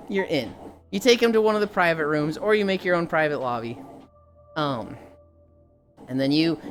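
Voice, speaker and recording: Animated young woman streamer, lively pitch. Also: a little hiss or hum. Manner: animated storytelling, mocking impressions. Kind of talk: casual chat with chat readers.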